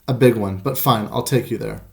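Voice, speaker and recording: A man's voice: fairly low pitch, fairly quick, gravelly, a little mellow. A man voicing a wary, streetwise male dog who talks in a laid-back, cautioning way. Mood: reluctant.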